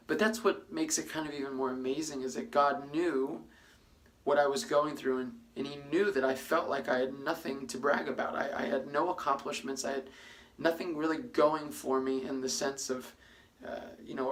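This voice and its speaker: A man giving an earnest, reflective personal testimony, with frequent pauses and fillers. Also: medium pitch. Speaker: testimony speaker.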